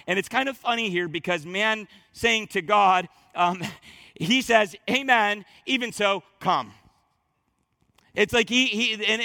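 A high, bright male voice, preaching from the pulpit. He swings between urgent, ringing emphasis and hushed, low asides. The sound is close and dry. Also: dry recording. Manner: emphatic, rising to fervent peaks then dropping low and quiet. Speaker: pastor. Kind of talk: expository sermon.

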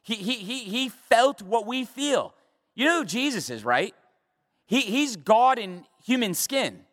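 A man's voice: very high-pitched, very animated, unhurried, a bit bright. A man preaching a midweek Bible study sermon as a pastor, with emphatic repetitions and rhetorical questions. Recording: long hall reverb.

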